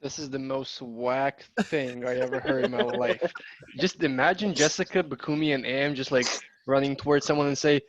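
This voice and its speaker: A man joining a casual group chat, laughing in disbelief and swearing freely. His mid-pitched voice comes through a dull, lo-fi line that sounds dry. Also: normal speed, dry recording.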